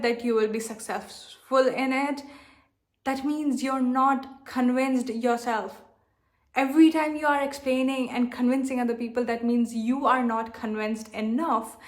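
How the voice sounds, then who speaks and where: A woman giving an earnest motivational talk as a self-love coach, repeating rhetorical questions as she speaks. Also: fairly high pitch.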